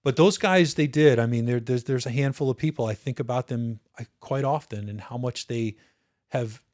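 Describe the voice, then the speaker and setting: A man's voice: mid-range voice, normal speed, darkish tone. A man in his fifties, a retired officer, telling stories as a guest in a casual interview, earnest and reflective, often restarting his sentences.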